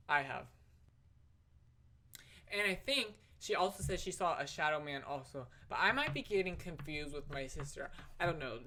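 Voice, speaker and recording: A woman's voice: deep voice, fairly bright tone. A young adult woman telling stories for her vlog in a chatty, slangy way, full of "like" and "literally". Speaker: vlogger. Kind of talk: casual storytelling vlog.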